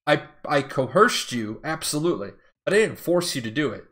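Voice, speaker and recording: Fairly high in pitch, bright in tone, and lively in intonation, this middle-aged former Air Force officer talks at a normal pace. In casual storytelling he's blunt, swears freely, and rambles, breaking off mid-story to digress.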